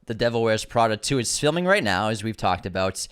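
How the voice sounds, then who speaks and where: A man's voice: fairly low pitch, sing-song, a little fast, fairly bright tone, smooth. A man co-hosting a podcast, chatting casually about movie news with enthusiasm and frequent restarts. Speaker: podcast co-host.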